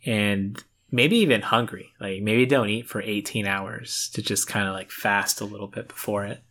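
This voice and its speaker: A man's voice: on the low side, moderate pace, a bit bright. A young adult man co-hosting a podcast, chatting in a laid-back, joking way about a film. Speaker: podcast co-host. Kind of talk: casual film chat.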